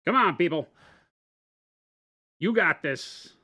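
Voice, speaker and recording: A man's voice: on the high side, animated, slow pace, bright, forceful tone, slightly rough, no room sound, clean studio sound. A man co-hosting a casual livestream, cracking jokes and cheering people on. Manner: joking, cheering others on. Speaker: livestream co-host.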